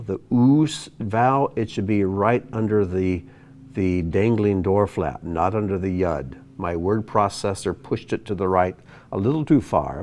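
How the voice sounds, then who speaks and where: A man teaching a video lesson, explaining slowly and patiently. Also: low-pitched. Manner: slow, patient explaining with lively ups and downs. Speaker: Hebrew teacher.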